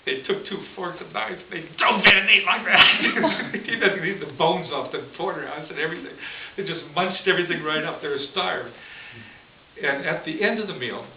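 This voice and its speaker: A fairly high, creaky voice moving at a fairly quick pace belongs to a priest telling a homily story. He chats and chuckles often, and the audio comes from a distant, echoey room recording that's lo-fi with hiss.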